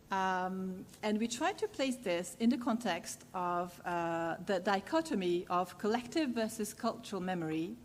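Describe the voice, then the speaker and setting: A woman lecturer speaks at a measured pace, pausing often on "uh" as she works through an academic point. Her voice sits in a mid register and carries a long reverb from a large lecture hall. A faint rumble runs underneath. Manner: measured, with frequent "uh" pauses. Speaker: university lecturer.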